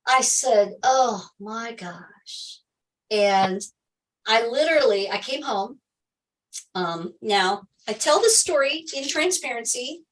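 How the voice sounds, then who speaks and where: A woman's voice: fairly high pitch, lively intonation, slow pace, fairly bright tone, recorded from a distance, poor audio. Emphatic woman telling her story. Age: middle-aged. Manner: emphatic, repeats key phrases, laughs often. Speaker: health coach hosting a livestream. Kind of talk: casual personal story to viewers.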